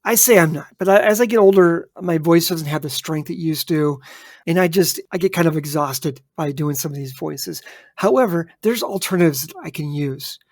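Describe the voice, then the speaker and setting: A man's voice: a little high, moderate pace, no room sound. Dry-sounding chatty male podcast host. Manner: chatty, emphatic, addresses listeners directly. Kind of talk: casual chat.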